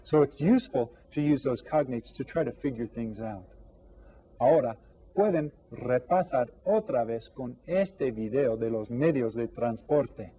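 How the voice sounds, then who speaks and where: A man teaching an elementary language lesson, drawing out each new word slowly and coaxing the class with friendly questions. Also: mid-range voice, animated, mellow, husky. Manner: slow, drawn-out repetition of vocabulary for students. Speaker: Spanish teacher.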